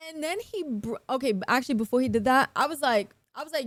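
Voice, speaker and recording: With a high-pitched voice at a quick pace and hardly any pauses, a young woman narrates a story on a live stream. She's casual, animated and profane, acting out what others said, and there's no echo.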